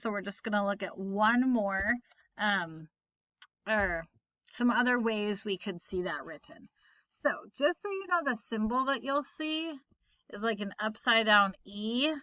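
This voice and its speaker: A woman teacher recording a phonics lesson, explaining patiently and slowly with example words. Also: mid-range voice, expressive, sharp tone, no room sound, dull audio.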